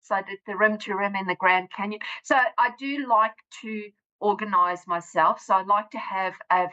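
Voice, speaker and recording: A South African woman in her fifties, chatting as an interview guest in a rambling way with quick self-corrections. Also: mid-range voice, bright, forceful tone, dull audio. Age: 50s. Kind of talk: casual interview chat.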